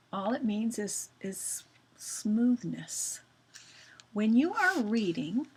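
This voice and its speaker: A woman's voice: mid-range voice, slightly rough. A woman teacher explaining reading fluency to children in simple words, often checking in with them. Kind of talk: classroom reading lesson for children.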